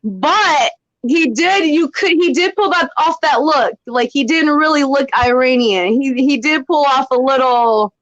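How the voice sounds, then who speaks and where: A woman co-hosting a podcast, animated and full of rhetorical questions in casual chat about a TV show. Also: high voice, unhurried, dry recording, dull audio. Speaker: podcast co-host. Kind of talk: casual TV discussion.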